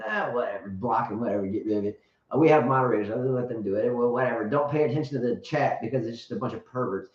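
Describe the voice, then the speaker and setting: A man's voice: medium pitch, fast talker. A man hosting a casual live show, rambling, joking and blunt, with crude humor. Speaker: show host and tennis coach. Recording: roomy, distant, dull sound.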